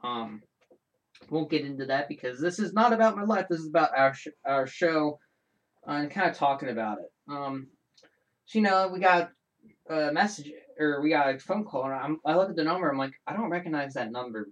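A man with a slightly raised speaking voice hosts his own show, talking casually and alone. He rambles from point to point, animated, backtracking and restarting his sentences as he goes. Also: fairly high pitch, a little fast. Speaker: show host. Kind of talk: casual solo podcast chat.

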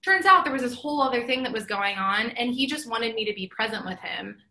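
Bright-voiced woman telling a story. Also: a little high, animated, a little fast. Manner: storytelling, acts out quoted dialogue; earnest, reflective. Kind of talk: casual chat.

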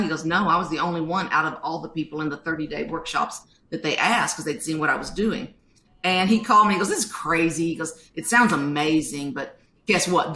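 A woman, a podcast guest telling stories in an animated way and acting out quotes. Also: lowish voice, roomy sound. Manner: animated storytelling, acts out quotes. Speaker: guest author. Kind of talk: podcast interview.

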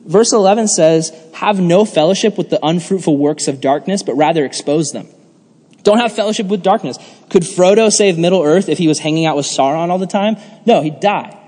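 A man's voice: high voice, a little fast, darkish tone, in a large hall. A young man giving a casual youth sermon, jokey and chatty, full of "like" and laughs. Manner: chatty, jokey, lots of "like", laughs while telling stories. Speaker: youth pastor.

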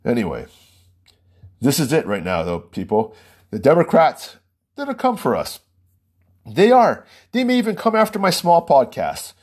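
Heated podcast guy ranting on his own show, husky voice, rambles and laughs between points. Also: mid-range voice, very animated, moderate pace, long pauses, darkish tone. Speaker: podcast host. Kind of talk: political commentary monologue.

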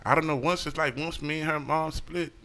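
A man telling stories in a podcast chat, animated and profane, acting out the lines of the people in his stories. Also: fairly high pitch, fairly quick. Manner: animated, profane, acts out quotes. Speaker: podcast co-host. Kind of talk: casual storytelling chat.

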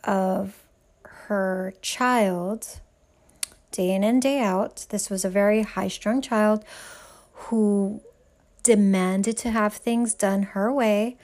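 A woman's voice: mid-range voice, steady tone, takes it slowly, darkish tone. Woman giving frank parenting advice. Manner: frank, emphatic, talks straight to the listener. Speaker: parenting advisor. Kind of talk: direct advice monologue.

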